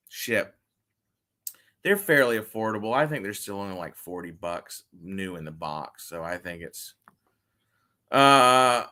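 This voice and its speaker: A man's voice: lowish voice, bright, forceful tone. A man livestreaming from his phone, chatting to his viewers in a rambling, swearing, casual way about his toy collection. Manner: rambling, profane, talks straight to chat viewers.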